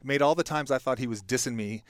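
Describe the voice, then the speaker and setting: A man's voice: mid-range voice, quick pace, smooth, dry recording, clean studio sound. A middle-aged man talking as a podcast guest, telling a reflective story with lots of restarts and fillers. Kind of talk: casual podcast conversation.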